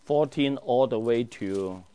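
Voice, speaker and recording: A pastor leads a Bible study in a slow, clear, resonant mid-range voice. Animated and teaching, he questions the group and drops to a hushed tone for emphasis.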